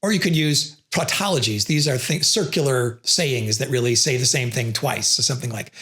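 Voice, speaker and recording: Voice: medium pitch, moderate pace, few pauses, fairly bright tone. A presenter explaining communication theory, who acts out sample refusals between the explanations. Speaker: educational video presenter.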